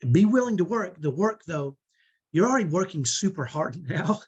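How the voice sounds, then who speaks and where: A man's voice: high voice, sing-song, moderate pace, breathy edge, lo-fi sound. A man in his fifties giving an online parenting training, earnest, motivational and direct. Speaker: parenting coach.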